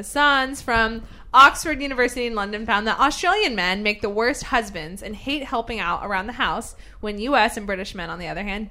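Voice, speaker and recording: A woman's voice: medium pitch, sharp tone. A woman hosting a casual chat, asking probing questions. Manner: questioning, inquisitive. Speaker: host.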